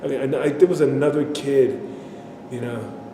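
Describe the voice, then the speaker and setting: A man performing a dramatic stage monologue, speaking haltingly and repeating himself as he recounts a disturbing memory. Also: fairly even intonation, mellow, close to an everyday voice. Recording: echoey hall, faint rumble.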